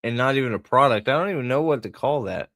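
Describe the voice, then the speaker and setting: A man's voice: mid-range voice, expressive, quick pace, a bit bright. A man hosting a casual livestream, rambling, swearing and mocking as he reads comments and talks to chat. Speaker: host.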